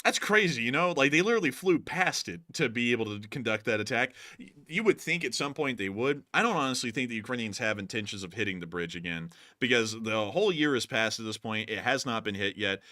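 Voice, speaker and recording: A man's voice: medium pitch, animated, a little fast, hardly any pauses, pushed and bright, no echo, clean studio sound. A man hosting a live stream, answering viewer questions in a rambling way with lots of fillers. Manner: rambling, filler-heavy, folksy sign-offs. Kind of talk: casual live-stream commentary.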